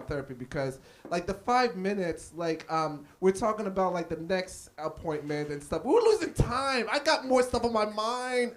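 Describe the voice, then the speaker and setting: A man performing a live stand-up set in a small cafe, telling stories and acting out the people in them. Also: extremely high pitch. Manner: animated, acts out characters in his stories. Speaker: stand-up comedian. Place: small cafe comedy stage.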